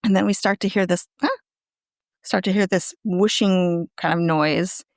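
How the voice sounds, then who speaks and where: Speaking a little slowly in a fairly low voice, a woman casually recaps an episode on her co-hosted podcast. She brings it to life by acting out the characters' lines, and the recording is dry with clean studio sound.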